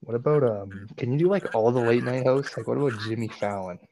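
A man's voice: mid-range voice, brisk, vocal fry, dark tone, slight background noise. A man co-hosting a casual comedy chat, laughing often and setting up bits for the others. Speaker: podcast co-host.

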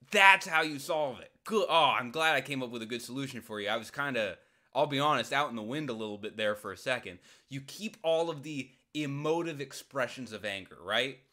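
A man with a bright, forward voice hosts a solo advice podcast. He rambles and jokes his way through a listener's question, breaking into sudden loud outbursts. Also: medium pitch.

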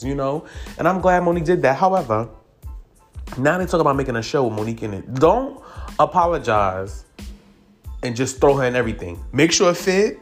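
A man giving casual celebrity gossip commentary, animated and profane, leaping up in pitch for emphasis. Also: moderate pace, faint music behind. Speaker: commentary vlogger.

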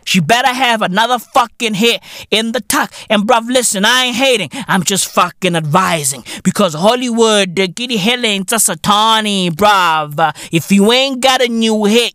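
A South African man hosting a podcast, ranting alone and swearing heavily. He slips local slang and Sesotho phrases into his English and swings from low mutters to loud shouts. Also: normal speed, few pauses, no echo, clean studio sound. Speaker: podcast host. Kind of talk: solo profane rant.

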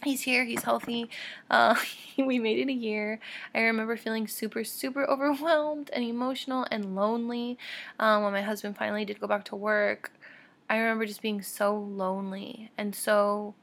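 Young woman podcast host, slightly high voice with a gravelly fry, candid and chatty, encouraging. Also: steady tone, moderate pace. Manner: candid and chatty, with frequent soft laughs and fillers; heartfelt and encouraging toward listeners. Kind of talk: casual solo podcast talk.

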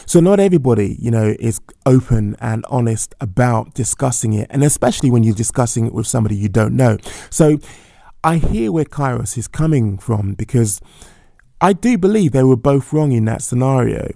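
A man with a warm, gravelly voice speaks calmly and carefully. He hedges his views and stops to correct himself, recorded dry and close. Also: medium pitch, normal speed, no room sound. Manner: thoughtful, hedging, corrects himself. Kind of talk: measured opinion commentary.

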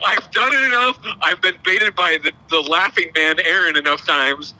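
A man's voice: high voice, moderate pace, pushed and bright, rough recording. A man co-hosting a casual podcast, teasing his friend and laughing often. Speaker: podcast co-host.

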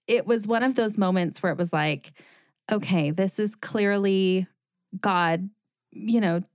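A woman's voice: medium pitch, dry recording, clean studio sound. A middle-aged woman, a former news reporter and now a designer, telling her story as a guest in a casual interview, acting out quoted dialogue. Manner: animated retelling with quoted dialogue and laughs.

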